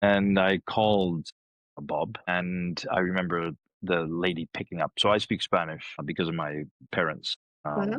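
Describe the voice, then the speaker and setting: A man in his fifties, a podcast guest telling stories in a lively way and acting out the people he quotes. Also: deep voice, measured pace, dry recording, lo-fi sound. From Canada. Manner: animated storyteller who acts out quoted people. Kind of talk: casual storytelling.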